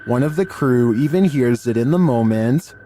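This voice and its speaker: A man doing scripted narration of eerie clips in a slow, ominous storytelling way. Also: mid-range voice, lively intonation, mellow, a little hiss or hum.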